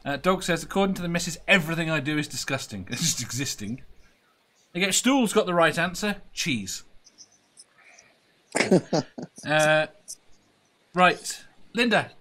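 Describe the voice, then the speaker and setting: A man hosting a casual panel chat, reading out viewer answers with quick asides and chuckles. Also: fairly high pitch, animated, sharp tone. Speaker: host.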